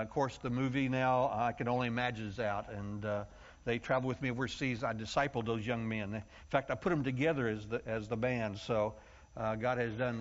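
A man preaching a sermon, telling stories in a folksy, animated way. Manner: storytelling, folksy and animated, acts out shouting congregants. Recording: muffled low-fidelity sound.

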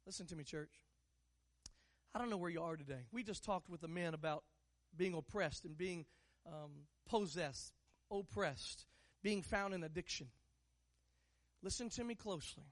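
A pastor preaching a sermon, moving from hushed asides to loud, drawn-out declarations and teasing the congregation with rhetorical questions. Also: mid-range voice, lively intonation. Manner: stretches key words slowly for emphasis.

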